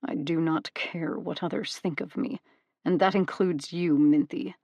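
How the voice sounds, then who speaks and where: A woman's voice: fairly even intonation, a little slow, no echo, dull audio. Hades, a woman voicing a stern underworld god. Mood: cold. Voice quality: warm soothing baritone. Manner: cool, clipped, commanding. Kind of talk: audiobook character voice.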